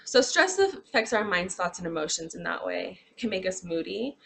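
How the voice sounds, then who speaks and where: A woman's voice: medium pitch, animated, moderate pace, gravelly, a bit bright, a little hiss or hum. A woman giving a classroom lecture, talking expressively and acting out examples with sighs and groans.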